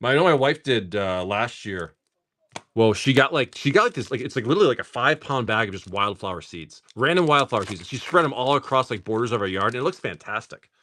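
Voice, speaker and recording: A middle-aged man talks casually on a live stream, cracking dad jokes and laughing often. He reads out card names as he opens packs and drops in the odd swear word. His voice sits at an everyday middle pitch. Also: lively intonation, quick pace, pushed and bright. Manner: rattles off card names while opening packs.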